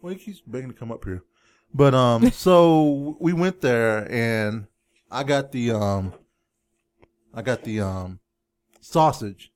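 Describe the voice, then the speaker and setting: A man's voice: medium pitch, takes it slowly, pauses often, no room sound. A man co-hosting a casual chat show, easygoing and joking, often restarting his sentences. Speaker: co-host.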